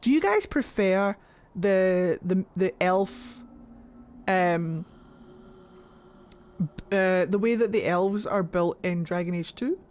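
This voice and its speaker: A woman's voice: lowish voice, slow, pauses often, a little mellow. A woman streaming a game, chatting in a goofy, rambling way to her viewers. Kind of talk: casual gameplay commentary. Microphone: desk microphone.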